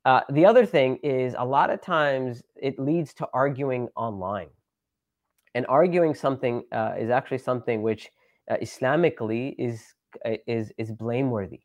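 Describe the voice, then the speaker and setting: A man's voice: mid-range voice, normal speed, dry recording. A man, a preacher, talking casually on a live stream, rambling with many fillers and restarts. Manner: repeats phrases with shifting emphasis.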